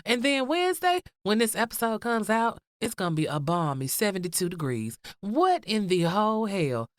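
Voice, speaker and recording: A woman's voice: mid-range voice, very animated, normal speed, no room sound, clean studio sound. A woman from Georgia hosting a podcast, sassy and playful, laughing often and sounding a little nasal and congested from the cold. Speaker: podcast host. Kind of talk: casual chatty podcast intro.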